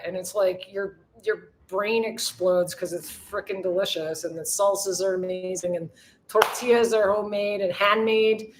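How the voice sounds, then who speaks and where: A chatty woman from the United States who talks straight to her viewers on a casual livestream and answers their comments as they come in. Her voice is bright and forward, at a medium pitch, with light swearing mixed into quick back-and-forth. The sound has a phone-mic feel. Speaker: livestream host. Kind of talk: casual live chat with viewers. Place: outdoors in bright sun.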